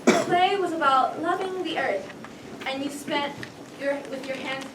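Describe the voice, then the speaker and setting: A woman's voice: sits high, unhurried. A woman narrating a stage play in the second person with dramatic, wry storytelling. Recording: echoey stage, far mic, loud noise.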